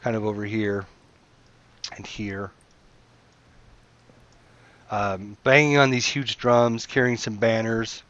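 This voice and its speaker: A man's voice: lowish voice, takes it slowly, long pauses. Casting: laid-back male game master, rambling narration, dull lo-fi sound. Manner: relaxed, rambling with fillers.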